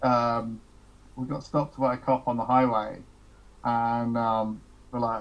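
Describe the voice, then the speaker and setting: A man's voice: mid-range voice, steady tone, unhurried, rough recording. A man, a touring musician, telling rambling road anecdotes on a podcast, laughing and quoting people as he goes. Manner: rambling, laughs through anecdotes, quotes others. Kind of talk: casual podcast storytelling.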